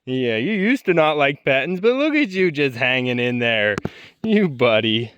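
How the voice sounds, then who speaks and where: A man on a farm outdoors, gently and playfully coaxing his animals in casual talk. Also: mid-range voice, very animated, unhurried, a little hiss or hum. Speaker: homestead vlogger.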